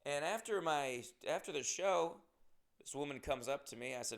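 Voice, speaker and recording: Comedian guy rambling on his podcast, gravelly voice, swears a lot, pokes fun at himself. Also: a little high, lively intonation, moderate pace. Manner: rambling, self-deprecating, swears often. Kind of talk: casual podcast monologue.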